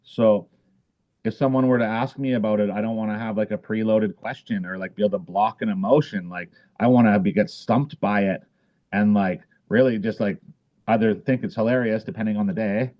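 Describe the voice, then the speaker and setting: Man, low voice, rambling, lots of fillers, casual interview, dull lo-fi sound. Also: steady tone, a little fast. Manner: rambling, many fillers and restarts. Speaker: podcast guest, author.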